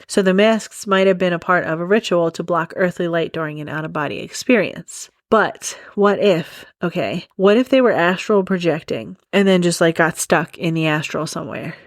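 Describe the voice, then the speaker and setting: A woman's voice: on the low side, no room sound, studio quality. A young woman hosting a casual true crime podcast, rambling off on tangents and laughing often. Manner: rambling, giggly, goes off on tangents. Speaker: podcast host.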